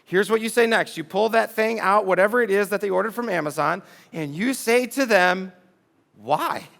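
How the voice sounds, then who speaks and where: A man's voice: high voice, a little fast, gravelly, fairly bright tone. A middle-aged man preaching a sermon in church, talking conversationally and asking the audience rhetorical questions. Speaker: pastor.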